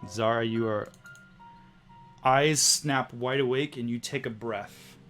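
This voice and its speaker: A male game master narrates the scene in a slow, hushed voice with long pauses. His pitch sits at an ordinary middle. Soft background music plays.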